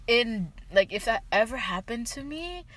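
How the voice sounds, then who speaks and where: A woman's voice: on the high side, very animated, moderate pace, crowd noise. A woman co-hosting a casual chat, sassy and dramatic as she tells stories, swearing freely. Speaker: podcast co-host.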